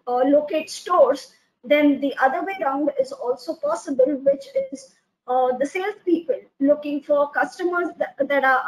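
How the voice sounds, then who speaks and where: A woman with a high voice speaks as a guest on a business webinar. She talks haltingly, with frequent fillers and repeated words as she gathers her thoughts. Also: rough recording. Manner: hesitant, many filler "uh"s and restarts. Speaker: company founder and CEO, guest. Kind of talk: webinar panel talk.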